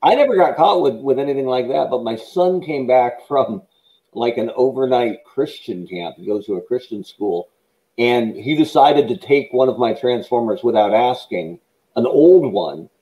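A man's voice: medium pitch, animated, moderate pace, dark tone, poor audio. A man on a podcast, chatting casually with wry jokes. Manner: wry, joking asides. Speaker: podcast co-host. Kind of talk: casual chat.

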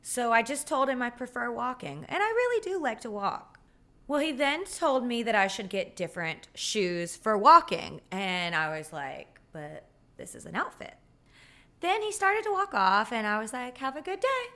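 Woman host, animated pitch swings, casual comedic storytelling. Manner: animated, sassy and self-deprecating. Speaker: podcast host.

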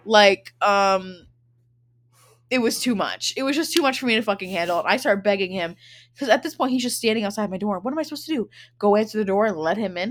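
A young woman co-hosts a casual podcast and spins a chaotic story. She talks loosely and swears often, and she slips into quick impressions of the people in it. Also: mid-range voice. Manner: animated, profane storytelling with acted-out quotes. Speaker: podcast co-host.

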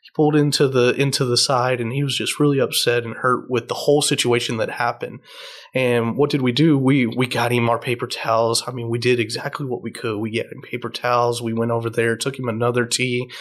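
A man's voice: mid-range voice, little pitch movement, a little fast. A man, a tea shop owner, earnestly telling customer stories in a podcast interview. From Texas. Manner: earnest storyteller, frequent restarts.

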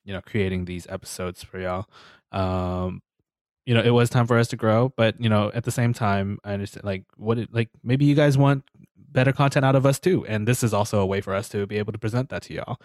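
Chill guy on a podcast, lowish voice, says um and you know a ton, dry close sound. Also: a little fast, no echo. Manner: relaxed, filler-heavy, leans on "you know" and "um"; laughs easily, swears casually. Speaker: podcast co-host. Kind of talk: casual podcast chat.

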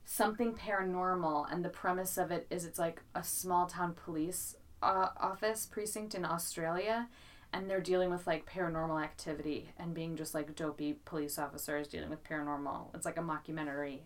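A woman co-hosting a podcast in casual chat, talkative and quick to laugh. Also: fairly low pitch, far from the mic. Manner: chatty, laughs often, animated storytelling. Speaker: podcast co-host.

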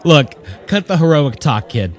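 Man voicing a sarcastic bomber officer, raised pitch, sardonic, bitter. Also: big pitch swings, unhurried. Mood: dismissive.

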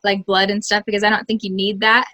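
A young actress chats casually as an interview guest, speaking quickly in a mid-range voice with flat delivery that sounds pushed and bright. She fills her speech with "like" and restarts, and the recording has no room sound.

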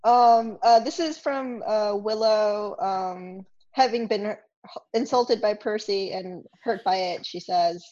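A woman's voice: medium pitch, slow, a little mellow, dull audio. A woman on a podcast panel, speaking hesitantly with many fillers. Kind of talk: casual chat.

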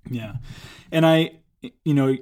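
A man co-hosting a casual conversation, telling stories and giving advice in an animated way. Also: on the high side, takes it slowly, clear, resonant tone. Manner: storytelling, animated when acting out quotes. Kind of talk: casual chat.

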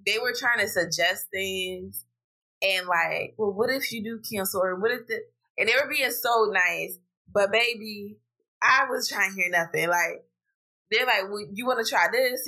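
A woman hosting a podcast, telling a story in casual chat, animated and blunt, swearing freely. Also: low-quality recording. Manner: animated, profane, vents with rising pitch. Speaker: podcast host. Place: home podcast setup while streaming live.

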